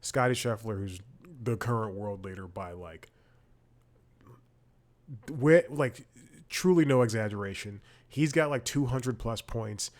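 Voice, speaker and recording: A man's voice: fairly low pitch, a little slow, pauses often. Man rambling through a casual anecdote. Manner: rambling anecdotes with frequent self-corrections. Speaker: podcast host. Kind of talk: casual comedic chat.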